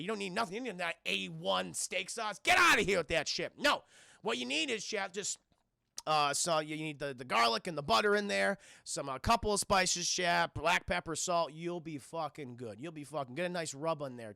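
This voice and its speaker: A man's voice: sits high, vocal fry, pushed and bright, no room sound, studio quality. A young man with a New York accent chatting casually on a livestream, rambling and swearing as he talks to his chat. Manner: rambling, profane, addresses chat constantly. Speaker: streamer answering viewer questions.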